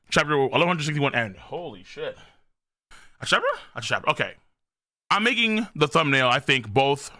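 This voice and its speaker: A man reacting live to a manga chapter on stream, excitable and profane, reading lines aloud and shouting at big moments. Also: medium pitch, dry recording, clean studio sound.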